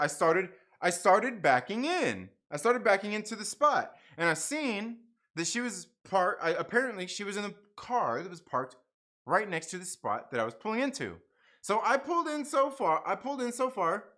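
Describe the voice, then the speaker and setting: A man rambles through a story on his livestream, his voice bright and swinging up and down as he acts out each person. He repeats himself often and drops in casual swearing. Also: high voice. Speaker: channel host.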